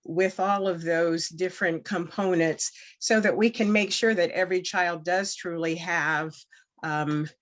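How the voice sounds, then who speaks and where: A woman's voice: lowish voice, fairly even intonation, a little slow. A woman candidate giving a campaign speech and then answering questions, earnest and emphatic, hesitating with fillers when unscripted. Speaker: board candidate.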